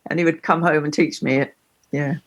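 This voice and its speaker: Lively woman telling stories. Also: low voice. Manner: lively storyteller, laughs often. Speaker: singer-songwriter guest. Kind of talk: casual interview chat.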